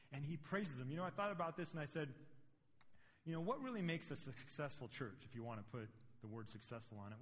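A middle-aged male pastor preaching in an easy conversational way that rises into emphatic points. His voice sits in an ordinary middle register. A long reverb from a large church sanctuary trails behind every phrase. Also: mid-range voice. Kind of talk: sermon.

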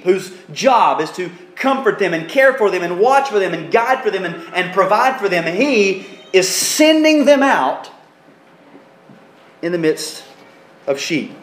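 A man with a high voice preaches an expository sermon, teaching earnestly verse by verse. He acts out the quoted speech with some life. The recording rings with the echo of a church sanctuary. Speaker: pastor.

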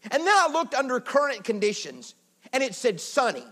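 A man with a strikingly high voice preaches a sermon in a church. He swings between loud, emphatic lines and near-whispers, then drops into folksy, chatty asides with the congregation. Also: huge pitch swings, normal speed. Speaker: pastor. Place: church building.

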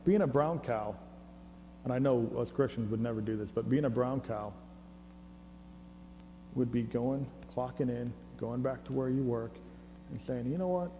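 A man's voice: mid-range voice, steady tone, unhurried, pauses often, warm tone. A man preaching a sermon, conversational and joking, often stumbling over repeated words. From United States. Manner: conversational and joking, with stammered restarts. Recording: long hall reverb with faint mains hum.

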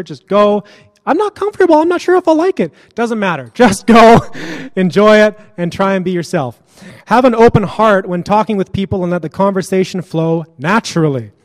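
A man delivers a sermon in a high, light voice. He keeps it conversational and blunt, with a joking edge. The sound rings with the long reverb of a large hall. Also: a little mellow. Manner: casual, joking and blunt, laughs often. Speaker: preacher.

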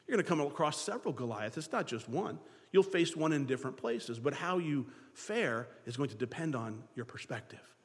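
Animated preaching man in a reverberant hall. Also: medium pitch, brisk. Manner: animated preaching, acting out biblical dialogue. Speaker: pastor. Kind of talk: sermon.

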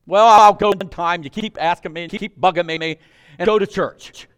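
A preacher putting on a grumbling army commander. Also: male voice, sits high, normal speed, smooth, natural voice. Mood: grudging. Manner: irritable, complaining, exasperated. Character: grumbling reluctant foreign army commander, adult man.

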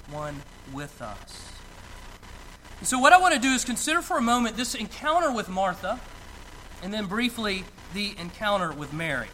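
A man preaching a sermon as pastor, reading scripture and then explaining it slowly and deliberately, with emphatic pauses. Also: high-pitched, pushed and bright, slight background noise, low-quality recording.

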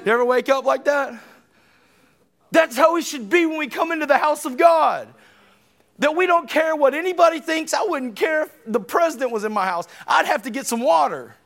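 A man in his thirties, a preacher delivering an emphatic, conversational sermon with sudden loud bursts. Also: very high-pitched, moderate pace. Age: 30s.

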